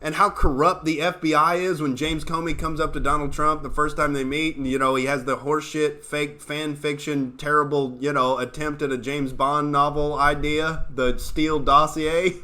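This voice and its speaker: A man's voice: a little high, little pitch movement, moderate pace, hardly any pauses, pushed and bright. A young adult man from Oklahoma hosting a comedy political livestream, ranting profanely and sarcastically and reading chat aloud. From Oklahoma, USA. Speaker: comedian host.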